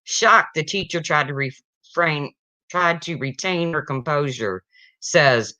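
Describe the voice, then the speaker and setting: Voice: medium pitch, takes it slowly, pushed and bright, no echo. A livestream host telling jokes casually and chatting with viewers, chuckling along. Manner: chatty, chuckling, talks to chat. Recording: dull slightly lo-fi stream audio.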